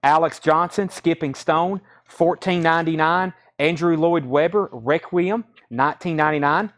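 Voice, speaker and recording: A man's voice: on the high side, fairly bright tone. Man rattling off records and prices. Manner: rapid-fire listing of titles and prices. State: out of breath. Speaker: record seller hosting a live sale. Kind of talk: live auction patter.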